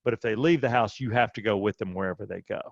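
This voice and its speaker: A man, co-hosting a casual podcast and telling a story animatedly, his voice jumping high when he quotes himself. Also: fast talker, creaky, dry recording, dull audio. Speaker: podcast co-host. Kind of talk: casual chat.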